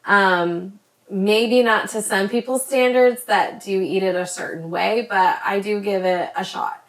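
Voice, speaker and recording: A woman chatting to her camera as a vlogger, rambling with many ums and tripping over words when she talks fast. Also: medium pitch, steady tone. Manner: says she stutters when talking fast. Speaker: vlogger recommending creators. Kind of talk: casual chat to camera.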